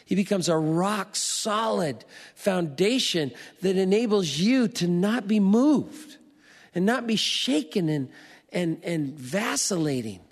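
A pastor preaching a sermon, slow and emphatic, building to rising declarations. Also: male voice, high-pitched, animated, in a large hall.

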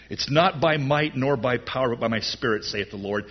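A man preaching a sermon in an animated way, his voice rising loud on key lines. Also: medium pitch, moderate pace, dull audio. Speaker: pastor.

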